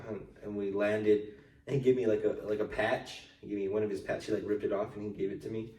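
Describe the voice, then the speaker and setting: A young man hosting a casual podcast chat, telling lively stories that are full of swearing and acted-out voices of other people. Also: lowish voice, quick pace, distant mic. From United States. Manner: animated storytelling, swears freely, acts out quoted people. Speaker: podcast host. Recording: echoey room, voice off-mic.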